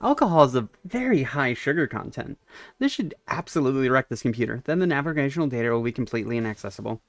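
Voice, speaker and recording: A man's voice: medium pitch, animated, fast talker, dry recording. Man, let's play host, casual reading, dry recording. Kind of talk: reading game dialogue aloud.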